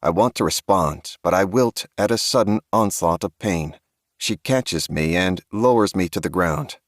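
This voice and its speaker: Deep-voiced man narrating a horror audiobook. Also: moderate pace, no room sound, clean studio sound. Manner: grave, tense storytelling.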